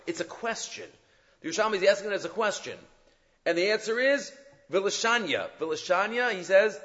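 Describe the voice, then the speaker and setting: A man teaching a Talmud class, explaining Jewish legal sources with animated emphasis and many Hebrew and Aramaic terms. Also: sits high. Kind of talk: lecture on Jewish law. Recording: muffled sound in a reverberant room.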